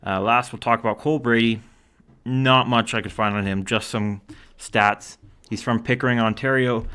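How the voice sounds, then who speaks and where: Canadian guy with a lowish voice chatting hockey trades solo, lots of uhs. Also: fairly bright tone. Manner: casual, reads out stats and quotes with many fillers. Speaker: hockey commentator. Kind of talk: solo commentary.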